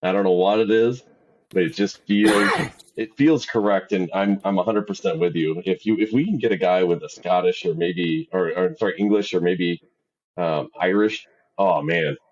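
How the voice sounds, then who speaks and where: A man's voice: sits low, moderate pace, a little mellow, slight background noise. A middle-aged man from Wisconsin co-hosting a sports parenting podcast, agreeable and hesitant, with many fillers. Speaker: podcast co-host. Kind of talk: casual chat. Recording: slightly dull lo-fi sound.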